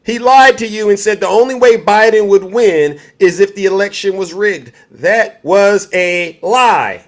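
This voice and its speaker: A man's voice: high-pitched, unhurried. A man hosting a livestream, giving heated political commentary and answering his chat directly in an angry tone. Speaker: livestream host.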